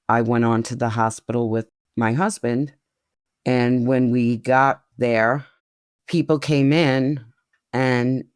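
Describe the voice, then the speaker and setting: A woman in her sixties slowly recounting a painful personal memory in an interview, often quoting what others said. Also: extremely low pitch, darkish tone, dry recording, studio quality. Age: 60s. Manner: slow, grief-laden retelling, quoting others' words. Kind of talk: personal testimony.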